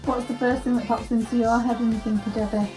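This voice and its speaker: A woman's voice: fairly high pitch, flat delivery, quick pace, over music. A woman chatting with a child, coaxing answers for a birthday video. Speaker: interviewer of a child.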